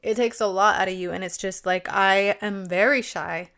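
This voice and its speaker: A woman's voice: mid-range voice, steady tone, moderate pace, fairly bright tone. A young woman hosting a solo podcast, chatting casually and swearing often, with many "like"s. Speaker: podcast host.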